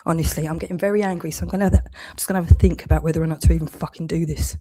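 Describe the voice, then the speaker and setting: A woman's voice: sits low, fairly even intonation, very fast, warm tone. A woman delivering an angry, heavily sworn monologue rant, accusing and scolding. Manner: heavy swearing, accusatory, rising anger.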